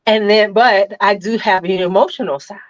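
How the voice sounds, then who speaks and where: A woman's voice: medium pitch, steady tone, moderate pace, no echo, highs cut off. A woman hosting a casual chat, blunt and joking, who swears freely. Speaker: host.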